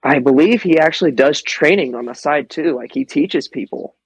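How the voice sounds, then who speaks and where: A man talks casually as a podcast guest, spinning animated anecdotes and swearing without a second thought. His delivery is loose and conversational, broken up by frequent laughter. The recording is dry and close. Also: a little high, normal speed, slightly rough, no echo, poor audio. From American Midwest. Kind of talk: casual storytelling chat.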